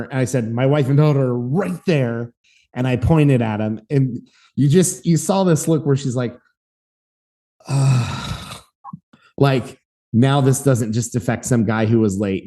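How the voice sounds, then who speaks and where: A man in his thirties co-hosting a podcast, telling a story in a lively, casual way and acting out the voices in it. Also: medium pitch. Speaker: podcast co-host.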